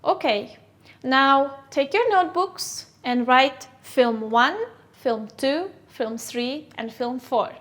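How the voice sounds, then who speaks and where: Woman, English teacher, first language Kyrgyz, high voice, slow deliberate classroom drilling. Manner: slow, clear teacherly drilling with question and answer. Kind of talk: classroom vocabulary lesson.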